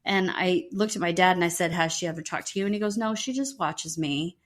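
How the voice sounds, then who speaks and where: Woman telling a ghost story, lively. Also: fairly low pitch, fairly quick. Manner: animated storyteller acting out quoted voices. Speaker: podcast co-host. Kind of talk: casual storytelling.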